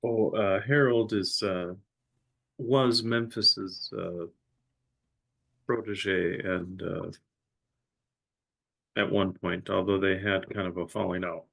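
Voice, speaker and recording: Slow gravelly man, halting speech. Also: sits low, steady tone, a bit bright. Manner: halting, many uhs. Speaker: player. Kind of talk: tabletop role-play.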